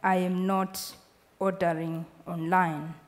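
An exasperated aunt, insistent and spacing out each word with emphasis, as a woman reads her lines. The slow delivery echoes through a long hall reverb. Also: fairly low pitch, level tone. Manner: emphatic, separating words sharply. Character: insistent, frustrated immigrant aunt on the phone.

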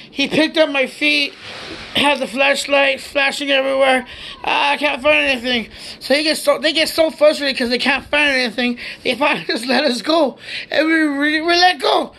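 A man's voice: very high-pitched, moderate pace, bright, forceful tone. A man from the United States telling a rambling, profane story in a casual way, laughing as he goes.

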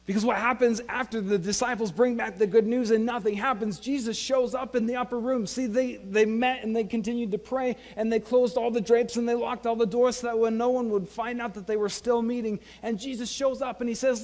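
Male pastor, sermon, conversational retelling with voiced characters; slightly high pitch, reverberant hall. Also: steady tone, moderate pace, a little mellow. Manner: retells scripture in casual dialogue, acting out voices. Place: church sanctuary.

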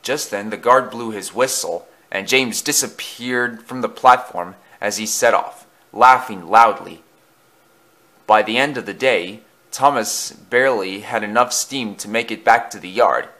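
A man reading a children's story aloud as a narrator, in a hushed, suspenseful way. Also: on the low side, unhurried.

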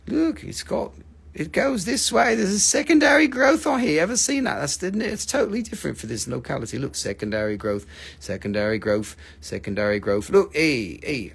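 Man, live sale host, joking and teasing, gravelly, slightly high voice. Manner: joking, teasing, swears casually. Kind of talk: casual live-stream sales patter.

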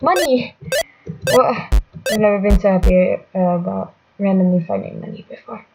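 Over loud electronic game music, this woman keeps up brisk let's-play commentary in a steady, creaky mid-range voice. She's a gaming channel host who mutters to herself, mocks her own moves and blurts out exclamations, all on a rough recording.

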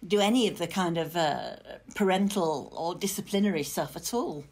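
An older woman, a guest on a podcast interview, talking in a hesitant, reflective way with pauses and restarts. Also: fairly low pitch, darkish tone. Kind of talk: casual conversation.

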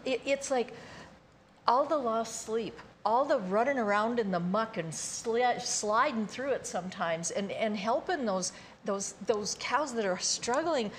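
A woman's voice: fairly high pitch, slight background noise. A woman co-hosting a casual chat, reflective and close to tears as she speaks. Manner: reflective, grows emotional telling a story. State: tearful. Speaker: co-host.

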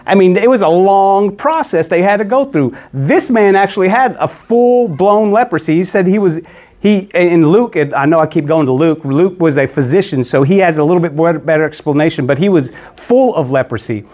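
A man's voice: sits high, moderate pace, darkish tone. A man teaching a Bible lesson in a casual, conversational way, often repeating words and restarting his sentences.

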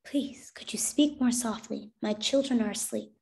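A woman reading as a hushed, protective mother. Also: a little high, very animated, normal speed. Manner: quiet, hushed and pleading. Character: calm, protective mother speaking softly.

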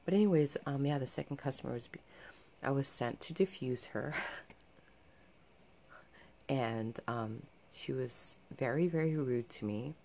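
A woman's voice: very deep voice, measured pace, pauses often, warm tone, a little hiss or hum. A young adult woman telling a personal story in a casual vlog, chatty and earnest, full of fillers. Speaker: vlogger.

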